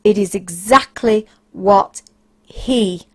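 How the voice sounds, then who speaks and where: Woman podcast host, candid storyteller, mid-pitched, blunt delivery. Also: takes it slowly, darkish tone. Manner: frank, blunt, with bursts of raised emphasis. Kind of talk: casual anecdotal storytelling.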